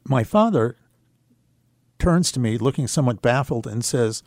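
A man speaking as a guest on a radio show, telling a personal story in an earnest, reflective way, unhurried and with fillers. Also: mid-range voice, lively intonation, a little mellow, no room sound, studio quality.

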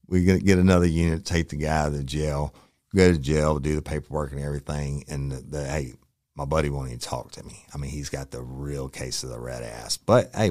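A man's voice: very deep voice, gravelly, a little mellow, no room sound, clean studio sound. A middle-aged man from Louisiana, a former detective hosting a podcast and telling a profane, laughing story. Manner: profane, laughing storyteller who acts out quotes. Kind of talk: casual storytelling.

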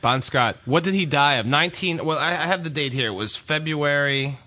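A man's voice: fairly high pitch, fairly quick, sharp tone. A middle-aged man telling a comic story in casual talk, jokey and self-deprecating, often laughing. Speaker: podcast co-host.

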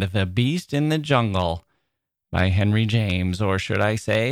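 A man hosts a literary podcast in a playful, theatrical way, laughing at himself as he goes. His pace is slow and unhurried, and his voice sits a little low. The sound is dry and close. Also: no echo. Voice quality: squirrel-like voice. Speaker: podcast host.

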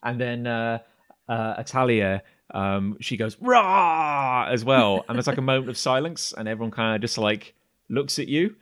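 A man with a mid-range voice narrates a tabletop game as game master, speaking casually and haltingly with plenty of fillers.

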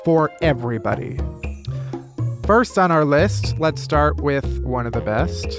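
A man's voice: fairly high pitch, expressive, measured pace, over music. A man hosting a casual comedy news roundup, sarcastic and profane, laughing often. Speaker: comedy podcast host.

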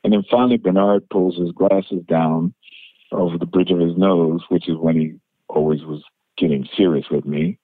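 A male musician being interviewed, telling anecdotes in an animated way, laughing and acting out what people said. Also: deep voice, normal speed, no room sound. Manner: animated storyteller, laughs, acts out quotes. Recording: tinny phone-like interview line.

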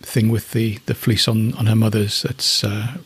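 Husky-voiced man from northeast England. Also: on the low side, level tone, a little slow. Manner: chatty and affectionate, thinking aloud. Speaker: alpaca keeper. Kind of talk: casual spoken commentary.

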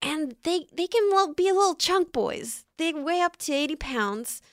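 A woman's voice: high voice, lively intonation, moderate pace, dry recording, clean studio sound. A young woman co-hosting a casual comedy podcast, rambling and giggly. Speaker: podcast co-host.

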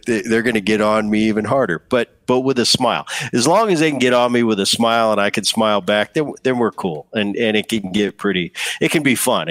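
As a casual interview guest, a former ballplayer tells stories in a relaxed manner, often restarting. His voice is lowish, and there's no echo.

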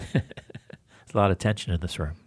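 A man hosting a podcast interview, chatting casually in a halting, rambling way and laughing often. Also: sits low, a little mellow, breathy edge. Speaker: podcast host.

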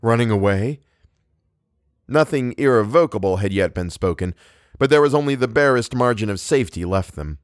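A man narrating a novel as an audiobook in a measured, unhurried way. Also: fairly low pitch, no echo, studio quality. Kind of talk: audiobook reading.

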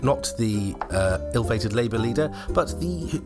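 Wry man with lively pitch. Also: slow, over music. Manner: dry, wry, laughs often. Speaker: podcast co-host. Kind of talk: comic scripted chat.

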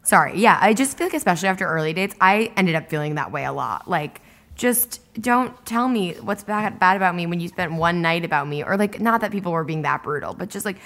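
A woman in casual chat, reacting quickly and sharing her own view. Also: on the low side, animated, a bit bright.

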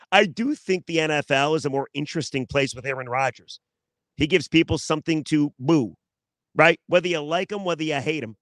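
A man's voice: on the high side, fairly bright tone, no room sound. A man hosting a solo sports podcast, chatty and joking, repeating himself for emphasis.

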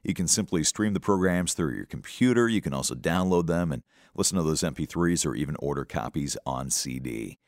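A male radio host reads scripted announcements between sermon segments. His voice is extremely low and his delivery smooth and even. The recording is dry and close, with no room sound. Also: a little fast, dry recording.

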